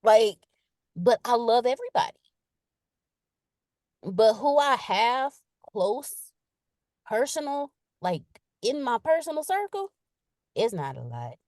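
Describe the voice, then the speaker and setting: A woman's voice: a little high, slow pace, pauses often, no echo, clean studio sound. A woman speaking casually in a live leadership session, chatty and direct, reading out viewer comments with emphatic repetition. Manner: animated and playful, acts out quotes in exaggerated voices. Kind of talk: casual motivational talk.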